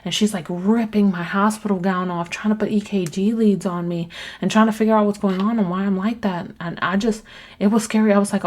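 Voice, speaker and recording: A woman's voice: mid-range voice, fairly even intonation, brisk, a little mellow. Woman podcast host, candid rambling monologue, casual swearing, mid-range voice. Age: adult with children.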